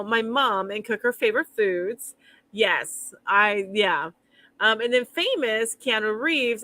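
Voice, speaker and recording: A woman's voice: fairly high pitch, sharp tone. A woman hosting a live stream, chatting casually and reading out viewer comments, rambling and laughing easily.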